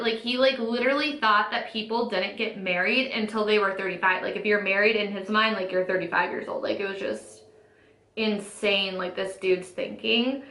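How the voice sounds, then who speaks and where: A woman's voice: mid-range voice, fairly even intonation, moderate pace, fairly bright tone. A woman in her twenties telling a casual storytime while doing her makeup, chatty, says "like" constantly and acts out quotes. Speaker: beauty vlogger. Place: home room, sitting at a makeup setup. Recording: echoey room.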